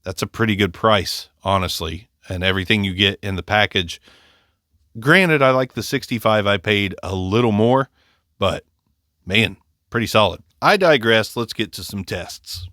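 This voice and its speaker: A man's voice: fairly low pitch, normal speed, pushed and bright, no room sound. A man from Ohio with an Appalachian accent, congested and slightly nasal from allergies, reviewing a microphone in a chatty, joking way, close on a condenser mic. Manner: chatty, joking, self-deprecating. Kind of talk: casual gear review.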